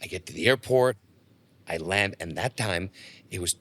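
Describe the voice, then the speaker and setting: A man's voice: sits low, normal speed. A middle-aged man telling stories as a podcast guest, acting out the dialogue in them. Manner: animated storyteller acting out dialogue. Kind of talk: casual storytelling.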